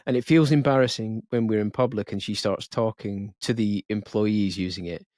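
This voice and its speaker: A man co-hosting a podcast, reading a listener's confession aloud in a plain, steady way with small stumbles. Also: fairly low pitch, moderate pace, dry recording, studio quality.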